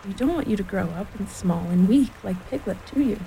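A brisk mother kangaroo talks in a cheerful, soothing way that turns firm and no-nonsense, a storybook parent at bath time, played by a woman reading aloud. Her voice is mellow and warm-toned. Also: medium pitch, animated, creaky, a little hiss or hum, poor audio.

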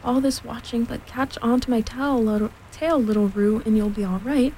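Grumpy old donkey voiced by a lady reader, sour and mellow, storybook. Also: fairly high pitch, moderate pace, slight background noise, close to an everyday voice, low-quality recording. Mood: grumbling. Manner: grumbling, sour. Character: gloomy grumbling old male donkey.

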